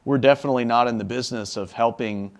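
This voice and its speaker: A man's voice: mid-range voice, quick pace. A man on a policy panel who files legislation, talking earnestly with many fillers and restarts. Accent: Texan. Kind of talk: panel discussion.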